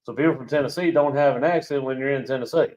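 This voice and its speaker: A man's voice: medium pitch, fast, darkish tone, muffled recording. A man co-hosting a live stream, teasing his partner and laughing often. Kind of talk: casual live-stream banter.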